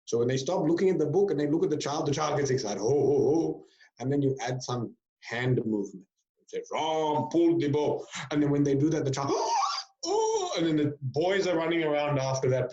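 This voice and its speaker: A man speaking as a swami, giving a spiritual discourse and telling stories with lively acted-out voices. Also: mid-range voice, fast talker. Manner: lively storyteller who acts out people's voices. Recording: roomy, dull lecture recording.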